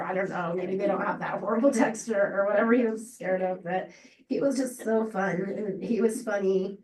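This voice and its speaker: A woman giving an unscripted memorial tribute to a friend, halting and rambling with many fillers and restarts. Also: mid-range voice, a little mellow. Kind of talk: emotional unscripted memorial speech. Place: memorial gathering room. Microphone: distant laptop or room mic on a video call. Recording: roomy, distant video-call audio.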